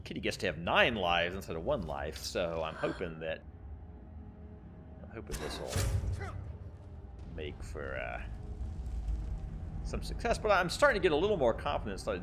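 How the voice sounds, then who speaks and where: A man's voice: sits low, background noise. A man giving rambling, casual commentary while playing a video game, chuckling often. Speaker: gameplay commentator. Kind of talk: casual let's-play commentary.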